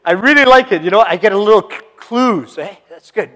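A man preaching a sermon, swinging between loud emphatic lines and hushed asides. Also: high voice, big pitch swings, moderate pace. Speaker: pastor. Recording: long hall reverb.

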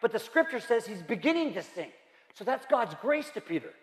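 A man's voice: very high-pitched, big pitch swings, brisk. A male pastor preaching a sermon, emphatic and repetitive, asking the room rhetorical questions. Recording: roomy hall reverb.

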